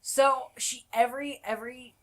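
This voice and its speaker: A woman's voice: high-pitched, steady tone, moderate pace, a bit bright. A young woman from New Jersey telling a rambling, profanity-laced story as she co-hosts a casual podcast chat. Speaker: podcast co-host.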